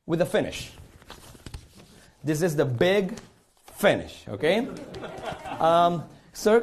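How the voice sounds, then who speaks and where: A man's voice: high-pitched, a little mellow. A man from Puerto Rico with a Puerto Rican accent, performing a live magic show on a studio stage and joking theatrically with the audience.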